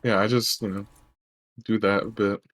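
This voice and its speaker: Playing a tabletop role-playing game as a player, a man talks hesitantly with lots of fillers and tag questions. His voice is lowish and flat at normal speed, and the recording is very noisy.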